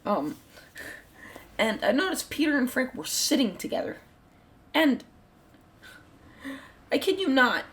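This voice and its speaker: A woman's voice: high-pitched, big pitch swings, a little slow, long pauses, fairly bright tone. A woman hosting her own channel, telling a story in a casual, rambling way, full of "like" fillers and the odd swear word. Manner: rambling, heavy use of "like" fillers. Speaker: channel host.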